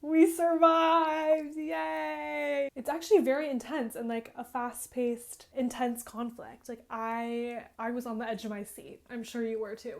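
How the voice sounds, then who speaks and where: Chatty young woman, higher voice. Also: a little mellow. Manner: chatty, fills every phrase with "like"; dramatic, breathless storytelling. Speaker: gaming vlogger. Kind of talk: casual excited game retelling.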